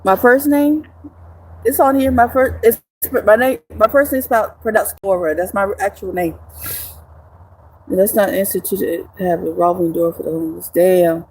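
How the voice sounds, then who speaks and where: A woman's voice: medium pitch, normal speed, darkish tone, breathy edge. Joking, blunt woman livestreamer. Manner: blunt, joking, swears freely; rambling with frequent restarts. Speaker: live streamer. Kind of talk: casual livestream chat reading viewer comments.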